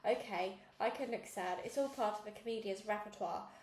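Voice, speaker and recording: A woman's voice: mid-range voice, a little fast, echoey room, a little hiss or hum, natural voice, poor audio. A woman reading aloud, voicing an eager young girl who tells jokes and pleads to be filmed.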